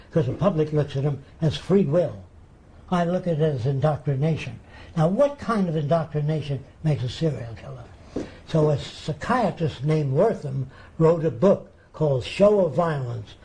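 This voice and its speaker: An older man, a TV interview guest, tells his stories with animation and slips into the voices of the people he quotes. His voice is fairly high for a man, yet dark and mellow in tone. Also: poor audio. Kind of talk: storytelling in a TV interview.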